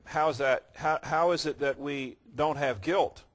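A man preaching a sermon, telling a parable in his own words and swinging between quiet reflection and loud emphasis. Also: on the high side, unhurried.

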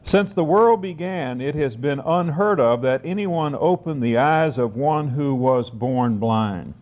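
Man preaching, slow and deliberate. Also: a little high. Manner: deliberate, slows for emphasis on key phrases. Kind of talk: sermon, reading scripture with commentary. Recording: dull lo-fi recording.

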